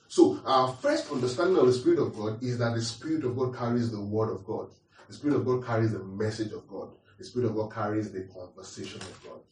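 A man's voice: medium pitch, darkish tone. A man preaching a teaching sermon, repeating his points and asking the congregation questions. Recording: roomy echo, distant mic.

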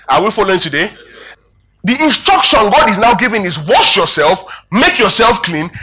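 Preacher guy, high bright voice, kinda husky, keeps asking the crowd questions. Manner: calls out questions to the congregation; emphatic, animated preaching with rising and falling volume. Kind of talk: sermon.

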